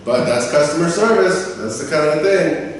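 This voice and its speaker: A man's voice: moderate pace, a little hiss or hum. A man teaching a business English lesson, telling customer service stories and acting out staff and customers. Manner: animated storyteller, acts out quoted staff in a higher voice. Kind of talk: lecture with personal anecdotes. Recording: echoey room, mic far off.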